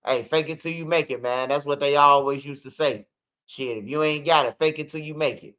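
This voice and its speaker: A man's voice: fairly high pitch, a little fast, bright, forceful tone. A man telling a story casually, full of profanity and acted-out quotes, as a channel host. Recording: dull lo-fi recording.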